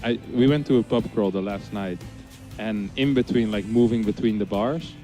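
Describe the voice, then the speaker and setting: A man, a pro gamer, telling a playful, animated story in casual chat. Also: on the low side, moderate pace, faint music behind.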